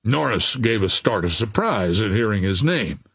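A man narrating an audiobook in a measured, expressive storytelling manner, close to the mic. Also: on the low side, gravelly, slightly rough, dry recording.

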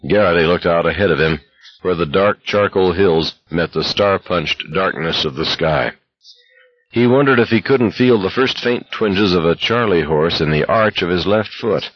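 A man narrates an audiobook in a steady, measured way. His voice sits low and husky. The sound is dry and slightly muffled. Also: no room sound. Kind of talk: scripted narration.

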